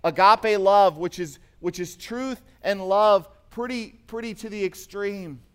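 Male pastor, slightly higher voice, sermon delivery that shifts from emphatic to hushed storytelling. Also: a little slow, clear, resonant tone. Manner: storytelling preacher, swings from emphatic to quiet and intimate.

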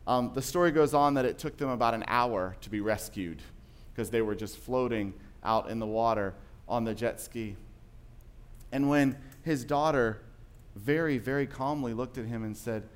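A man's voice: mid-range voice, moderate pace, smooth. A man preaching a sermon, telling stories in a conversational way that rises to emphatic passages. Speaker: pastor.

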